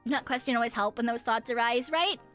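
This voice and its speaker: A woman with a slightly high voice talks to her stream audience in loose, rambling chat. She swears freely and laughs often. Quiet music plays underneath. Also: fairly quick. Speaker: VTuber streamer. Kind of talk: casual livestream chat.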